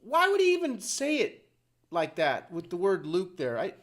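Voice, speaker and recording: Man, high voice, casual vlog commentary, rambling, chatty asides. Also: huge pitch swings, normal speed, fairly bright tone. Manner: rambling, conversational, fond of asides. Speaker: video host.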